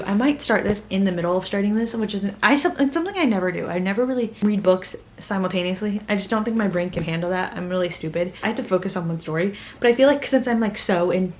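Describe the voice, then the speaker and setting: A woman's voice: mid-range voice, a little mellow, a little hiss or hum. A young woman in her twenties, a college student, chatting casually about books in a vlog, gushing and full of fillers. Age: young adult. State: tired. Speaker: book vlogger. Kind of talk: casual reading vlog chat.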